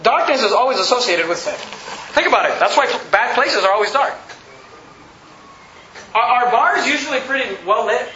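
A man's voice: very high-pitched, lively intonation, moderate pace, pauses often, pushed and bright, slight background noise. A pastor preaching a sermon emphatically, mocking his listeners with put-on quotes. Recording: roomy, slightly dull recording.

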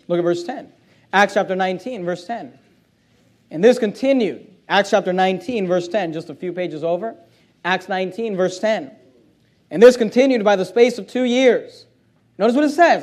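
High-voiced preaching pastor, man. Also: animated, a little fast, darkish tone. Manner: preaching with rising emphasis, reading scripture aloud. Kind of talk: sermon.

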